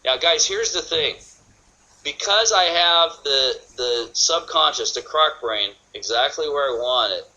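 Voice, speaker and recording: A man's voice: medium pitch, bright, forceful tone, dull audio. A man giving a sales training talk, energetically acting out customers' thoughts in quoted voices.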